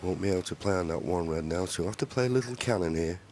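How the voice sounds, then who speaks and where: A man giving live snooker commentary, calmly explaining each shot. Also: low voice, quick pace, noisy background. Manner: calm explanatory shot analysis.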